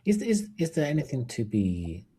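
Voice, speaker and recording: A man hosting an interview podcast, asking long, halting questions with many restarts. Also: mid-range voice, wildly swooping pitch, dark tone, breathy edge. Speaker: podcast host.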